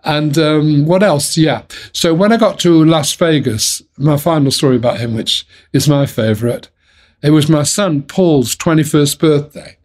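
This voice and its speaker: A man's voice: a little high, unhurried, darkish tone. An older man, a former music manager, telling chatty anecdotes in an interview, with frequent restarts. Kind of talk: storytelling in an interview.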